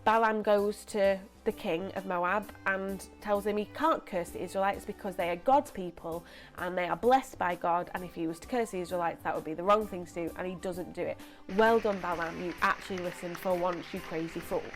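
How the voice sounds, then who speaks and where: A young woman presenting a lively children's church story, chatty and animated. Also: fairly low pitch, moderate pace, faint music behind. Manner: animated, chatty, acts out voices.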